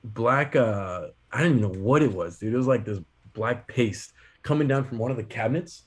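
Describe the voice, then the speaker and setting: Guy on a podcast telling funny stories, laughs a lot, regular pitch. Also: normal speed. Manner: animated, laughing, lots of fillers. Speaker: podcast co-host. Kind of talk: casual storytelling.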